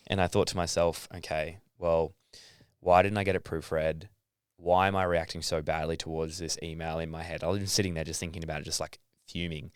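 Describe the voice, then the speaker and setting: Australian man, young adult, low smooth voice, laid-back interview guest. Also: brisk, no room sound, clean studio sound. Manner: relaxed, swears casually, acts out his own inner thoughts. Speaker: podcast guest, athlete. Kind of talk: casual interview talk.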